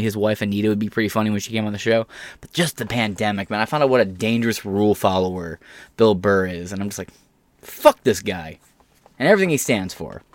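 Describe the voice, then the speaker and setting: A man's voice: lowish voice, no room sound. A man hosting a commentary show, talking bluntly and sarcastically with plenty of swearing. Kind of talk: casual profane commentary.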